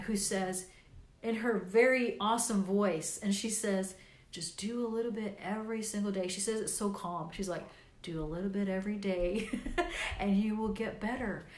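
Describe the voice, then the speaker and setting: An older woman with grandchildren, a vlogger and podcast host, chats tiredly in a casual live video. She gives a rambling, encouraging pep talk full of fillers. Her voice is medium-pitched and the sound is reverberant.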